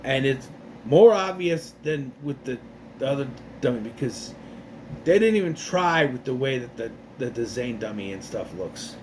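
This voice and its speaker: A man's voice: mid-range voice, expressive, a little mellow, slight background noise. A man recapping a TV episode in a casual, rambling way, restarting often and acting out the characters' lines. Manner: rambling, restarts a lot, acts out lines in quick voices.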